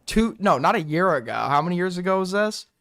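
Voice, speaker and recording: A man's voice: high-pitched, expressive, brisk, a bit bright, no room sound. A young man hosting a reaction commentary, incredulous and mocking, swearing freely and laughing at what he watches. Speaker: commentary host.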